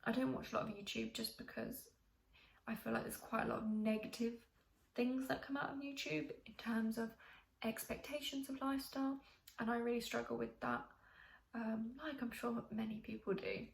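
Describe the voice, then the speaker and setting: A woman chatting with a gravelly edge. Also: on the high side, normal speed. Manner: chatty and rambling, many ums and restarts. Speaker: vlogger. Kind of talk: casual chat to camera. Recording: echoey room, faint hiss.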